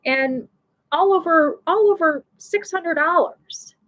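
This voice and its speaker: A woman with a high, somewhat bright voice shares a personal story on her live show, speaking slowly. She rambles emotionally, restarting sentences and filling pauses with "you know." The recording is rough.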